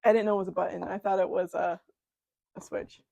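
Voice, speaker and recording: A woman's voice: mid-range voice, level tone, brisk, creaky, mellow. A woman co-hosting a podcast in casual chat, telling a story against herself and giggling often. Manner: giggly, self-mocking storyteller. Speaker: podcast co-host.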